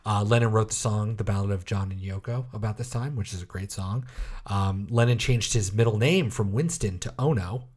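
A man with a slightly low voice talks his way through a story in easy podcast chatter. He is wry and offhand and keeps cracking dry asides. Fillers and little restarts pile up as he goes. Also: moderate pace, darkish tone. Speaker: podcast co-host. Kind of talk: casual chat.

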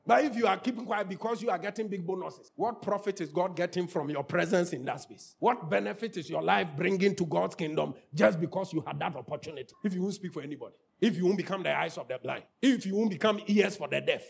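High gravelly impassioned male preacher. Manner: impassioned preaching, rising to shouts, then repetitive prayer chanting. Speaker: pastor. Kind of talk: sermon.

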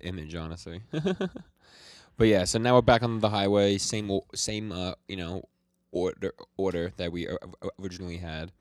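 A young man co-hosting a podcast, casually retelling comic chapters with an animated, stumbling delivery. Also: deep voice, normal speed, no echo, studio quality. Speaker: podcast co-host. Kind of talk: casual chat recapping comics.

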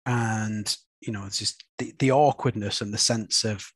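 A man's voice: lowish voice, fairly even intonation, normal speed, slightly rough, dry recording. A man, a father, hosting a casual comics review podcast and often ending his points with tag questions like "isn't it?". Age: young adult or middle-aged, a father. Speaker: podcast host.

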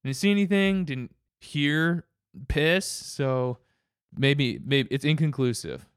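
A man's voice: fairly high pitch, lively intonation, takes it slowly, clean tone, no room sound, studio quality. A man telling a rambling story in casual chat, with many restarts and frequent laughs.

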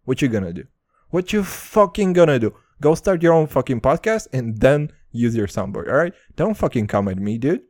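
A young man rants through his podcast monologue, swearing freely and poking fun at himself. His pitch leaps up and down all the time. The mic is close and dry, with no room sound at all. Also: sing-song, moderate pace, darkish tone, no room sound. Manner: profane, brash, self-mocking, calls listeners boys. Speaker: podcast host. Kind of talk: casual comedic monologue.

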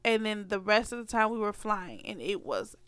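A woman's voice: mid-range voice, very animated, moderate pace, a bit bright, clean tone, dry recording. A woman co-hosting a podcast, telling a story in a blunt, casual way with some swearing. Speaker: podcast co-host. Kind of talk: casual chat.

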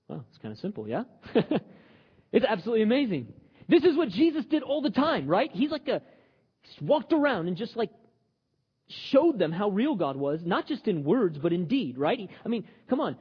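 A man preaching with a high, very lively voice that leaps up and down as he jokes and talks to the crowd. His tone is a little husky, and the sound is muffled, with a long reverb tail from a large hall. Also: brisk. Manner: animated, joking, conversational preaching. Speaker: pastor. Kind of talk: sermon.

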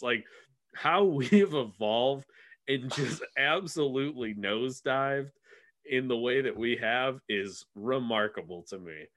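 Young male podcast co-host, bright forceful voice, rambling and laughing, on a remote call. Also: mid-range voice, unhurried. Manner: rambling, laughs between words. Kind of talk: casual chat. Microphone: remote video call.

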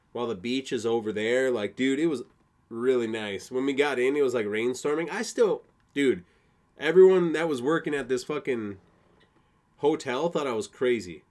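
A young man from Wisconsin hosting a casual solo podcast, rambling and swearing a lot, laughing at his own jokes. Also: medium pitch. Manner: profane, rambling, laughs often. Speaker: podcast host.

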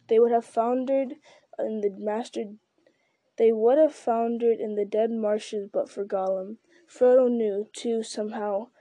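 Warm-voiced woman narrating a story. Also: fairly high pitch, no echo. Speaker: audiobook narrator. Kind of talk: scripted narration.

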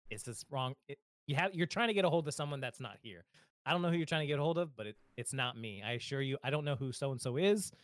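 A man's voice: mid-range voice, expressive, quick pace, no room sound. A man co-hosting a podcast, telling a story in casual chat, often laughing and quoting himself. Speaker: podcast co-host.

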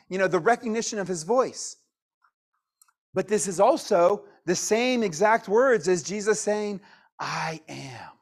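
A pastor giving a sermon in a conversational way, dropping to a hush on key lines. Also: male voice, sits high.

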